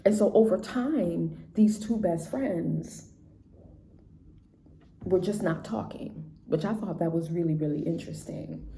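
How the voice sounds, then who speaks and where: A woman's voice: on the low side, a little slow, creaky, dark tone. A woman teacher telling a classroom story in a chatty, casual way, often checking in with "right?" and "you know". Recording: roomy echo, faint background noise.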